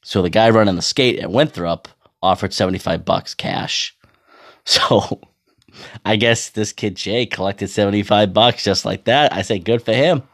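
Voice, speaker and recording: A man's voice: on the low side, normal speed. A man in his thirties telling a rambling, profane story in casual monologue, often laughing. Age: 30s. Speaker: amateur hockey goalie.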